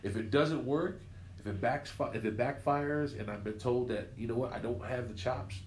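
A man in his fifties, a radio personality appearing as an interview guest, tells stories casually and with liveliness, acting out other people's lines as he goes. His mid-range voice moves at a moderate pace in an echoey room with slight background noise.

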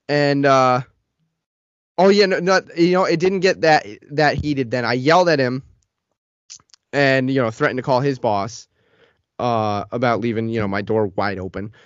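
Male podcast co-host, mid-range voice, animated and profane storyteller, dry, lo-fi recording. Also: mid-range voice, clear, resonant tone, no room sound. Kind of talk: casual storytelling chat. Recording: dull, lo-fi, dry sound.

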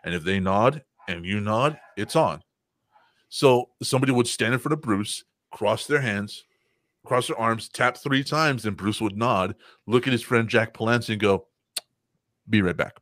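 A man's voice: fairly low pitch, moderate pace, a bit bright, dry recording, clean studio sound. A man telling stories in a casual comedy chat, swearing often and laughing a lot.

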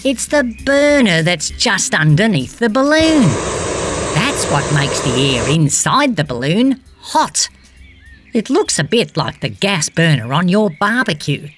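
A woman voicing a cheerful, fact-loving male green tree frog, gently guiding a children's storybook adventure and fond of silly jokes. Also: medium pitch, background noise.

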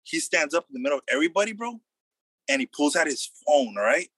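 Young dude, bright husky voice, slangy storytelling, super animated. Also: male voice, fairly high pitch, fast, no room sound. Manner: loose slangy storytelling, acts out quotes loudly. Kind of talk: casual chat.

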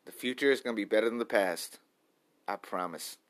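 A man in his late thirties talking to camera in a rambling, self-reflective daily vlog, repeating himself as he thinks out loud. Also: lowish voice, brisk. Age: 30s. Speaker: vlogger. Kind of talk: stream-of-consciousness daily vlog.

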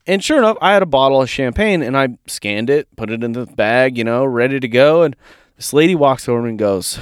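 A man's voice: mid-range voice, fairly quick, smooth, dry recording, studio quality. A man from Georgia, casually telling a story as a podcast co-host, swearing freely. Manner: animated, casual, swears freely, says dude.

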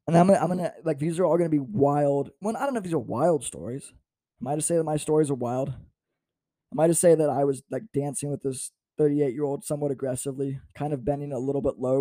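A man's voice: fairly high pitch, warm tone, no room sound, clean studio sound. A man in his twenties, a stand-up comedian, telling self-mocking stories in a playful monologue with swings in volume. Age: 20s.

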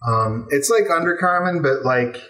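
A man narrating as game master, relaxed and halting with fillers. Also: fairly high pitch, low-quality recording.

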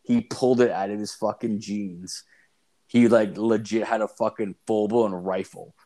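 A man's voice: lowish voice, steady tone, unhurried, warm tone. A man co-hosting a podcast, telling a rambling, profane story in casual chat, full of "like" and "dude". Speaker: podcast co-host.

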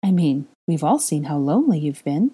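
A woman puts on a young witch with a light, airy voice and no tact, a faint huskiness under it. She sounds unbothered and speaks as if chatting about the weather, in a mellow tone. It is a storybook fan-fiction reading. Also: sits low, big pitch swings, moderate pace, slightly rough, exaggerated voice.

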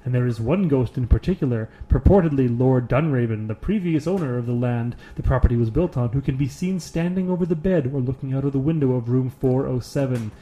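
A man's voice: mid-range voice, brisk, few pauses, warm tone, dull audio. A young man co-hosting a podcast, reading a list aloud in a casual way with sarcastic, bored asides. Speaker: podcast co-host.

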